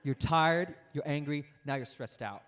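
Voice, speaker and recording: A young adult man giving an animated, interactive motivational speech to a youth audience, telling stories and acting out quotes. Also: a little high, unhurried, slight background noise. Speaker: motivational speaker.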